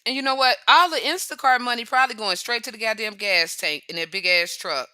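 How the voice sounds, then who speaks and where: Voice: medium pitch, brisk, bright, forceful tone, clear, resonant tone, dry recording. A live-stream host reacting to a clip with sarcastic, mocking asides on a close mic.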